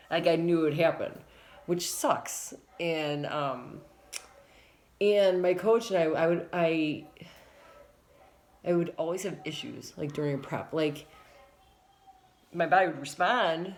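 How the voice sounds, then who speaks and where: Low-voiced, frank, rambling woman vlogger. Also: slight background noise. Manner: frank, rambling, emphatic with swearing. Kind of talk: candid personal vlog.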